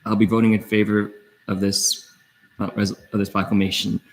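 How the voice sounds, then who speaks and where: A young man speaking as a student senator in debate, earnest and halting with restarts. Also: fairly low pitch, flat delivery, low-quality recording. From part Filipino. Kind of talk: speech in debate.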